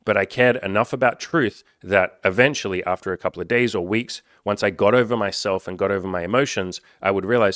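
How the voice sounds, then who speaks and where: A man's voice: fairly low pitch, fairly quick, hardly any pauses, a bit bright, no echo, clean studio sound. A man talking as a coach in a candid self-help monologue, frank and reflective, swearing freely.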